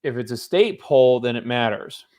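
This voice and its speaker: Reading news stories aloud as casual political commentary, a man with a darkish tone and lively intonation speaks at a moderate pace. He pauses for understated reactions and side remarks, occasionally yawning.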